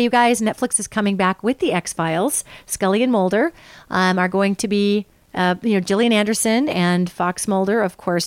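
A woman's voice: mid-range voice, no echo. A woman hosting a live call-in radio show as a psychic, talking in a chatty, rambling way and calling her listeners "you guys" from a studio microphone.

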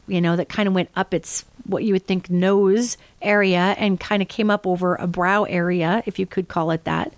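A woman with a fairly low voice hosts a live call-in radio show as a psychic, speaking into a studio microphone with no room sound. She chats and rambles, calling her listeners "you guys."

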